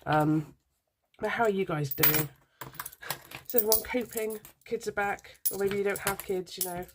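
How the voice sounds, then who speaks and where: A woman's voice: medium pitch, normal speed, noisy background. A woman in her thirties with a British accent and a nasal head cold, chatting casually and rambling to camera with lots of ums and apologies as a budgeting vlogger. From United Kingdom. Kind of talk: casual chat to camera while sorting coins. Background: faint clinking of coins.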